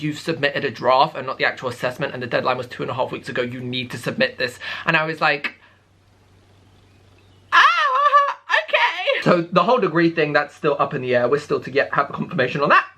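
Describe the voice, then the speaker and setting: Lively, bright-voiced young man chatting. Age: 20s. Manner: camp, dramatic and oversharing, with sudden high squeals. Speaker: YouTuber. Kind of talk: casual chat to camera. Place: bedroom.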